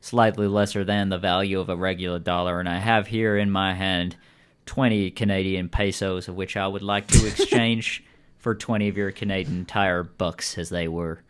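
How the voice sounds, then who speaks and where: A fatherly stranger with a very low voice, rambling in a folksy, long-winded way in a tabletop game scene, played by a man. He sounds kind and patient. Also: fairly even intonation, normal speed, clean tone, close to an everyday voice. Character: kindly older male stranger, fatherly.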